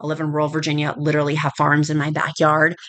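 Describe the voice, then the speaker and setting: A woman's voice: sits low, completely flat delivery, fast, fairly bright tone. A woman chatting casually with viewers in a home vlog, friendly and talkative. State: nervous, speaking quietly. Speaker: vlogger.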